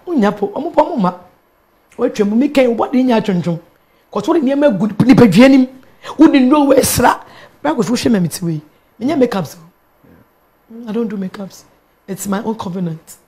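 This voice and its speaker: Animated Ghanaian woman pastor. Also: fairly high pitch, quick pace. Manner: switches between English and Twi, animated storyteller. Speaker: pastor and guest. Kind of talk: emotional personal testimony.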